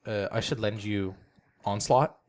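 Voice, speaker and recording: A young man with a fairly low voice talks casually on a gaming podcast. He explains rules patiently and at length, with a relaxed, chatty flow. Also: unhurried. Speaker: podcast co-host. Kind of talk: casual chat.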